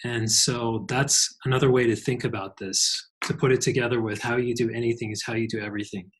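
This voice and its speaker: A man's voice: mid-range voice, steady tone, fairly quick, a little hiss or hum, rough recording. A man co-hosting a spiritual talk show, speaking thoughtfully about mindfulness. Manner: thoughtful, with restarts and repetition. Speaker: podcast co-host.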